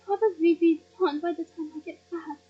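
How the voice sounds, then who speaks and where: A middle-aged wizard bursting with news of his newborn son, as a woman reads him aloud. His lines come out in breathless, exclaiming bursts, pitched very high. The storybook recording sounds dull and lo-fi. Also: fairly even intonation, moderate pace, faint music behind. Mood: cheerful. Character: male middle-aged wizard, joyful new father.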